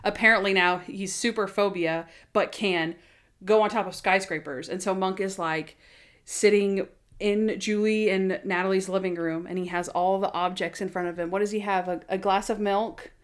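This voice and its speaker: A woman co-hosting a podcast in casual chat, retelling scenes in an animated, giggly way. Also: mid-range voice, normal speed. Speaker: podcast co-host.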